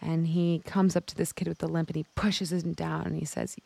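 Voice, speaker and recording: Woman coach, motivational storyteller who acts out the quoted lines; lowish pitch, fry in the voice. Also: little pitch movement, brisk, few pauses, mellow, no room sound. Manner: storytelling, acts out other people's lines, swears casually. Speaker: women's life coach. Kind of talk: motivational talk.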